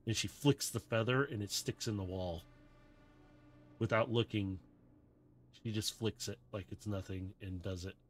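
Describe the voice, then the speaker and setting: A man's voice: on the low side, fairly even intonation, unhurried, long pauses. A man narrating a tabletop role-playing game as game master, in a casual, loose way. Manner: casual, loose, with many "kinda".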